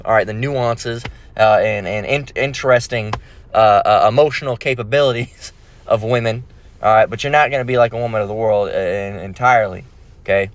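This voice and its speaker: Blunt, profane man ranting as a preacher. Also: on the low side. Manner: blunt and profane, many fillers and restarts. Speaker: bible preacher. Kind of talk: casual preaching rant.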